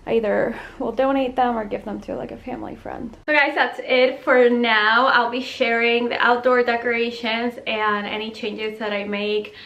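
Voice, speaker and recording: A woman's voice: a little high, flat delivery, moderate pace, gravelly, hardly any pauses, a bit bright, lo-fi sound. A young woman chatting casually at home as she vlogs about decorating, gushing and saying "y'all" often. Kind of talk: casual vlog chat. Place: at home indoors.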